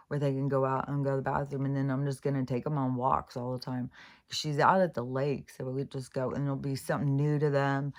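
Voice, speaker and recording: This vlogger, a woman with a low-pitched, slightly mellow voice, reflects out loud in a casual, rambling style. Her speech is halting, full of restarts and the occasional curse.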